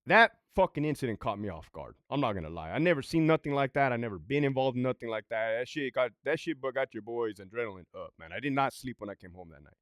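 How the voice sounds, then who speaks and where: A man's voice: medium pitch, lively intonation, fast, few pauses, a bit bright, no room sound, clean studio sound. A man who was a prison sergeant tells a story in a casual monologue, blunt and full of swearing. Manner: profane, blunt, conversational.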